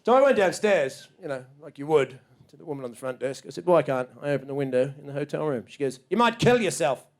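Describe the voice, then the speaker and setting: A man doing a stand-up comedy routine on a small club stage, ranting and swearing in disbelief, jumping into loud high shouts to act out other people. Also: quick pace, hardly any pauses.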